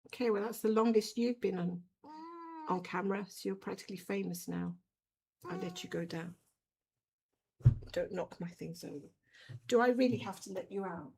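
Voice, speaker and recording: With a husky, slightly mellow voice at medium pitch, this middle-aged woman talks at normal speed, slipping into vocal fry and leaving long pauses. She's stitching on a home livestream in a room of her house, chatting bluntly and fussing over her cat.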